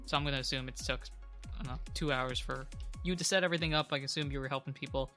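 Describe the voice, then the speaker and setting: A man's voice: medium pitch, fairly even intonation, very fast, bright, forceful tone, soft background music. A man running a tabletop game as game master, talking casually with fillers. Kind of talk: tabletop game narration and podcast outro.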